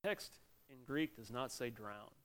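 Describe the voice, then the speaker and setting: A middle-aged man, a pastor, giving a sermon in an animated preaching manner with sudden loud exclamations. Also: mid-range voice, measured pace.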